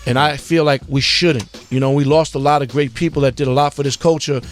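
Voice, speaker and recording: A male guest on a radio talk show, speaking in an ordinary mid-pitched voice. He rambles loosely, leans on "you know" and drifts into sermonizing. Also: steady tone, fairly quick, soft background music. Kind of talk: casual talk-show chat.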